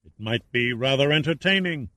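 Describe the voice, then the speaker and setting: A man's voice: mid-range voice, expressive, normal speed, pushed and bright, no echo, rough recording. A man voicing a detached male villain who speaks indifferently. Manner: cool, indifferent.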